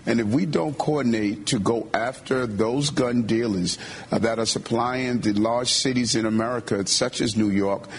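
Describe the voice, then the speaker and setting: A man speaking at a press conference as a city official, laying out policy points in a measured, deliberate way. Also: mid-range voice, a little hiss or hum.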